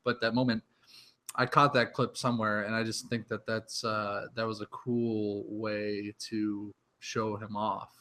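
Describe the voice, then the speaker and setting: A man's voice: fairly low pitch, flat delivery, unhurried, pushed and bright. A man co-hosting a podcast, chatting casually and searching for words with frequent restarts. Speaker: podcast co-host. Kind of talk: casual chat.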